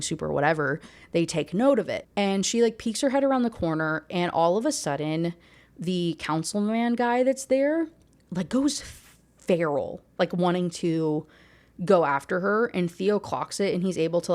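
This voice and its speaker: A woman's voice: on the low side, animated, normal speed. A woman giving a casual rant review of a book, rambling and heavy on fillers.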